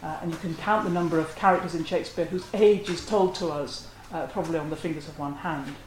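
A lecturer talks through a literary analysis in a measured, scholarly way, at a mid-range pitch. The voice rings out in a roomy space, and a faint hiss sits underneath. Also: steady tone. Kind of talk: academic lecture. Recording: roomy echo.

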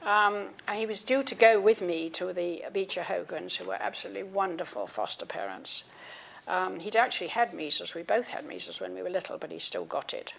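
Older lady reading bits of her book at a talk, gravelly voice, lots of ums. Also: on the low side, lively intonation, brisk. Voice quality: frequent ums and restarts between readings. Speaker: author giving a talk.

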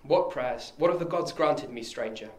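A man's voice: medium pitch, animated, moderate pace, lightly acted. A man voicing a wary, grieving young woman as he reads a stage scene aloud, with a suspicious, pleading manner. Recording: echoey room.

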